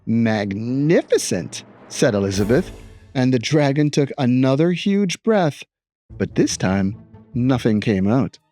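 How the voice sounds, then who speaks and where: A man teacher reading a picture book aloud with expressive storytelling and playful asides. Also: medium pitch, a little slow, soft background music.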